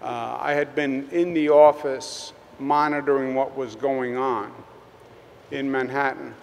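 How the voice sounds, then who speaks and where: A man with a Queens New York accent, a state governor giving a conversational public speech at a press event, halting with many fillers. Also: mid-range voice, steady tone, vocal fry. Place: public event at a tunnel site. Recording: long reverb, faint background noise.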